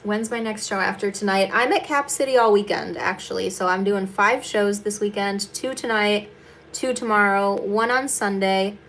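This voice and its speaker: A young woman talks straight to her livestream viewers in a casual, unscripted way. She is blunt, sarcastic and swears freely, and her voice sits at an ordinary middle pitch. A faint room hum stays underneath her. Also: moderate pace, fairly bright tone. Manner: talks while doing her makeup. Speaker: stand-up comedian hosting a livestream.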